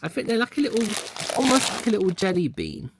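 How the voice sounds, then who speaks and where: A man's voice: high-pitched, big pitch swings, fast, heavy background noise. A man chatting casually as he unboxes a mystery box, thinking aloud as he handles the packaging. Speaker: unboxing vlogger.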